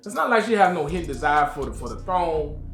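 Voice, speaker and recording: A man talks through his take on a TV episode in loose, slangy commentary, addressing his viewers directly. His voice sits high and swings widely in pitch. The room adds a noticeable echo, with faint music underneath. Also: big pitch swings, fast, fairly bright tone. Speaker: TV episode reviewer, channel host. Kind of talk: casual review commentary.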